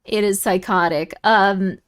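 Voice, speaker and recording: A woman's voice: medium pitch, fairly even intonation, unhurried, smooth. A young woman streaming and chatting casually with viewers, giggly and easily moved, with lots of fillers.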